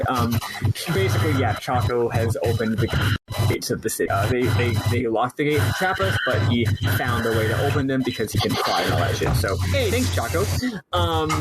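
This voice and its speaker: A man's voice: mid-range voice, very noisy. A man hosting a casual podcast who recaps a game in a loose, rambling way with lots of fillers. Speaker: podcast host.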